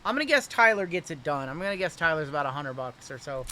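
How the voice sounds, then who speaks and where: A man hosts a live card break, talking casually and reacting with upbeat energy as each pack opens. His voice is bright and forceful and sits a touch high. Faint ambient noise sits under the talk. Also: sing-song. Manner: chatty, upbeat, and quick to react to pulls.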